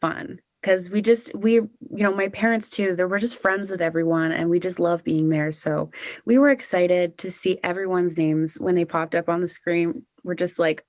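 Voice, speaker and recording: A woman's voice: on the low side, moderate pace, no room sound, studio quality. A young woman, a country singer-songwriter, chatting bubbly and casually in an interview, full of "like" and "you know".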